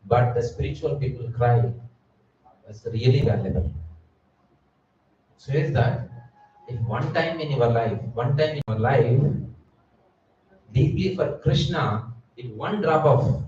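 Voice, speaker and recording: A man's voice: mid-range voice, mellow, a little hiss or hum. Man preaching in an echoey hall. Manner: rhetorical questions to the audience. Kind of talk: Sunday sermon. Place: temple hall. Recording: echoey hall, distant mic, dull sound.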